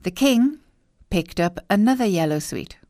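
A woman narrating a children's storybook in an expressive, clear, unhurried way. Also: mid-range voice, no room sound, studio quality.

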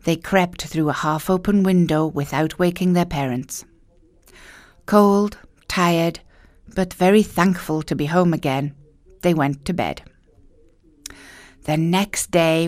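Woman reading a fairy tale aloud, unhurried and expressive, dry close sound. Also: low-pitched, dry recording. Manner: slow, expressive, emphatic storytelling. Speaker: storyteller. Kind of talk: children's story narration.

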